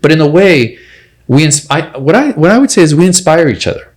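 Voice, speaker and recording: A man's voice: a little high, lively intonation, a little fast. A man hosting a casual podcast interview, speaking earnestly and in a friendly way to a fellow surgeon. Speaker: podcast host, plastic surgeon.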